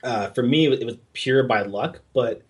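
A young man with a mid-range, breathy-edged voice speaks at a measured pace, casually recounting his time working abroad. The artist tells it animatedly, voicing the quoted dialogue and swearing without holding back.

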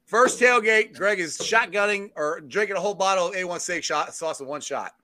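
A man's voice: high voice, a little fast, sharp tone. A man co-hosting a podcast, teasing his friends with laughing banter. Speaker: podcast co-host. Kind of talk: casual chat.

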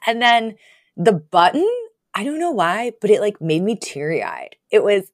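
Her mid-range voice unfolds a little slowly as she co-hosts a casual podcast chat, recounting a sitcom episode in a lively way. She performs the characters' lines with laughs, and the studio-quality recording has no echo.

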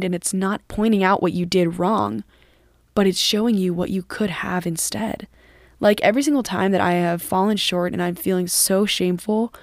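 A woman's voice: medium pitch, darkish tone, no echo. Female host, earnest conversational devotional teaching, dry close-miked read. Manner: earnest and conversational, with frequent "like" and "literally". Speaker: podcast host.

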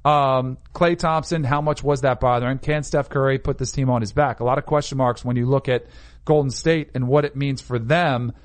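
A man's voice: mid-range voice, steady tone, normal speed. A man hosting a casual sports chat show, conversational and opinionated. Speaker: sports talk host.

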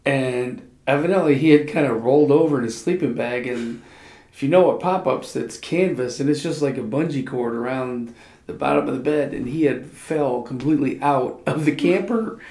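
A man's voice: mid-range voice, moderate pace, dark tone. Man, fifties, casual chat, rambling, hesitant fillers, echoey room. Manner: rambling storyteller with fillers and laughs. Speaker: podcast co-host, husband. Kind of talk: casual conversation.

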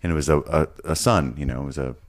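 A man co-hosting a podcast, recapping and musing in a relaxed, rambling way with casual swearing. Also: extremely low pitch, fast talker. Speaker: podcast co-host recapping episodes. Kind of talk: casual chat.

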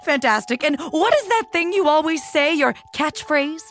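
A woman's voice: high-pitched, expressive, moderate pace, a bit bright. A woman hosting a playful kids' game show in an upbeat, bouncy manner.

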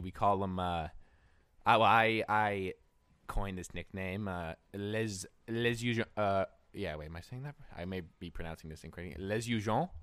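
A man's voice: fairly low pitch, fairly bright tone, clear, resonant tone, no room sound. A young man hosting a podcast, telling a story in a rambling, casual way with lots of fillers and swearing. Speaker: podcast host.

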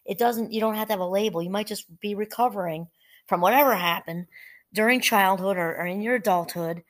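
A woman hosting a solo talk, speaking gently and conversationally, reading quotes aloud now and then. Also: mid-range voice, brisk. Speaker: podcast host. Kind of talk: reflective solo talk on fear and mindfulness.

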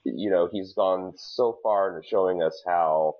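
Low-voiced male podcast co-host, animated and jokey, muffled recording. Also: unhurried. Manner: animated, stammering restarts, jokey. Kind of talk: casual recap chat.

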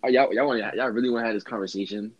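A man's voice: medium pitch, fairly even intonation, rapid-fire, highs cut off, over a noisy crowd. A man co-hosting a casual chat, chiming in with short agreements and slangy remarks.

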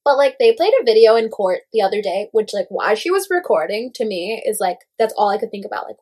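A young woman in casual gossip chat, animated and full of "like" fillers, swearing freely. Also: medium pitch, fast talker, slightly rough.

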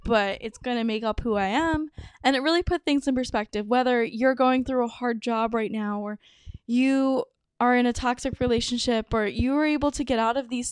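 A woman's voice: a little high, smooth, dry recording, clean studio sound. A young adult woman hosting a podcast, telling a personal story casually with lots of "like" and dramatic asides. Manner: chatty, lots of "like", dramatic retelling. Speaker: podcast host.

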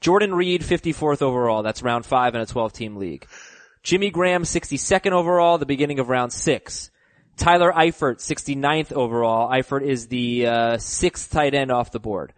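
A man's voice: mid-range voice, moderate pace, no room sound. A man hosting a fantasy football podcast, running through draft picks and asking co-hosts for their take. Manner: leads the talk, lists picks and asks for opinions. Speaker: podcast host. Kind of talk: casual sports podcast chat.

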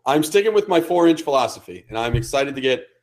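A man's voice: medium pitch, expressive, fast talker, a little mellow. A man co-hosting a casual sports podcast, trading crude wisecracks and banter. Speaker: podcast co-host. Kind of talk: casual chat.

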